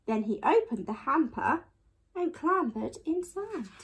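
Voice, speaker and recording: A woman teaching primary school, reading a picture book aloud to children with expressive, animated storytelling. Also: high voice, unhurried.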